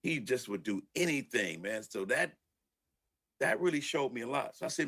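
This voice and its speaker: An older man, a record producer, telling stories from his early studio days in a relaxed interview, laughing and acting out what people said. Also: medium pitch, normal speed. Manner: laid-back storyteller who laughs and acts out quotes. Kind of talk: storytelling interview.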